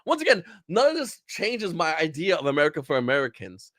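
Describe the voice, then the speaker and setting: A man's voice: on the high side, wildly swooping pitch, a little fast, a bit bright, no room sound. A man from Brooklyn, a podcast guest in a casual chat who talks bluntly and profanely and laughs between his points. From Brooklyn, New York.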